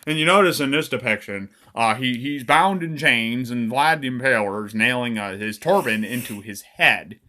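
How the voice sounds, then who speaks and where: A man casually reading his own dark comic aloud, irreverent and swearing, chuckling between lines. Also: mid-range voice, lively intonation, moderate pace, hardly any pauses.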